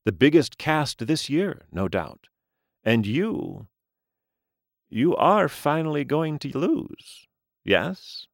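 Man voicing a calm aging crime boss. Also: a little high, slow, gravelly, dry recording, clean studio sound, voice pushed up, full character voice. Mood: measured. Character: aging smooth-spoken male crime boss.

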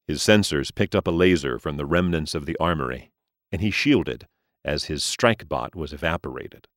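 A man reading a story aloud as narrator, in a slow, expressive style. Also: extremely low pitch, no echo, studio quality.

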